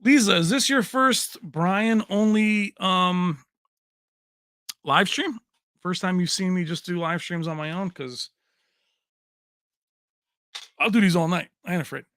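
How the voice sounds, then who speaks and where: A man's voice: high-pitched, measured pace, fairly bright tone, no echo. A man hosting a casual livestream, reading out viewers' names and locations and joking with the chat. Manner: chatty, reads names and places aloud, jokey. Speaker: livestream host.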